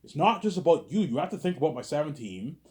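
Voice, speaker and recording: A man's voice: on the high side, big pitch swings, fast, darkish tone. A man talking through a rambling, repetitive monologue with a lot of swearing, reenacting conversations as he goes. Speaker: vlogger.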